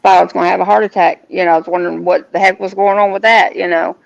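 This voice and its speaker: A woman tells a personal story as a guest. Her voice has a heavy gravelly fry. She speaks earnestly and haltingly, restarting her sentences, and the recording sounds dull and lo-fi. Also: on the low side, steady tone.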